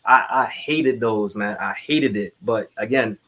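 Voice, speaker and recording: A man in his forties from Trinidad, an army veteran telling stories as a podcast guest in an animated, emphatic way. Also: on the low side, measured pace. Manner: animated, emphatic, addresses listeners directly. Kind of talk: casual storytelling.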